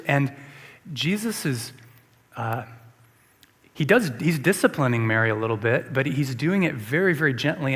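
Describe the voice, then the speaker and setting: A man preaching a sermon as pastor, earnest and questioning, moving between emphatic lines and hushed ones. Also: medium pitch, long reverb tail. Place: church.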